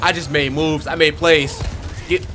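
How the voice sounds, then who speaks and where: A young man giving excitable let's play commentary on a horror game, talking to his viewers and yelling at enemies on a desk microphone. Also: on the high side, measured pace, faint music behind. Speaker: gaming youtuber.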